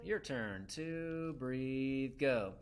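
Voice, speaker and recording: A man's voice: medium pitch, lively intonation, extremely slow, over loud music. A man teaching a saxophone lesson to beginners. He counts his students in and calls out whose turn it is. He sings short syllables to demonstrate each exercise. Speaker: music teacher.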